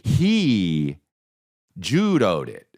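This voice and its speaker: A man hosting a podcast who tells a story in a casual, animated, profane way and acts out the voices of the people in it. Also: low voice, drawn-out words. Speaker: podcast host.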